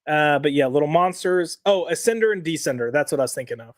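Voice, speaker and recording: A man's voice: fairly high pitch, expressive, quick pace, no room sound, studio quality. A man co-hosting a weekly comics podcast in casual chat, reading lines aloud and checking the live chat.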